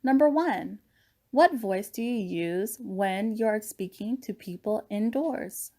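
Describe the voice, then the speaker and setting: A woman narrating a children's lesson on voices, gentle and encouraging. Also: mid-range voice, animated, slow.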